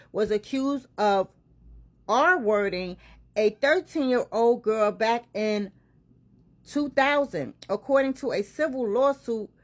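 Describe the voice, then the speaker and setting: Animated woman reading and reacting to gossip. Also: fairly high pitch. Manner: animated, exclaiming and interrupting her own reading. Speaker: commentator reading celebrity news. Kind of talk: casual commentary reacting to an article.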